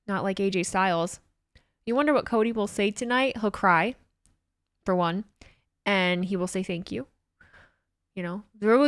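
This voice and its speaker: A woman's voice: mid-range voice, moderate pace, long pauses, dry recording. A chatty, sarcastic woman streaming live and talking to her chat. She has a mid-range voice, and the desktop mic gives it a dry, close sound.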